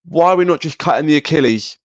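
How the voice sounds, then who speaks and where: A man's voice: fairly high pitch, quick pace, dry recording, muffled recording. A man hosting a casual podcast chat, asking lots of curious questions and swearing casually. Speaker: podcast host.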